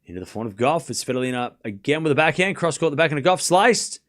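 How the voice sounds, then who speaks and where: A man streaming a live tennis watchalong, calling each rally in quick play-by-play and chatting with viewers between points. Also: fairly high pitch, expressive, a bit bright. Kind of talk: live watchalong commentary and chat reading.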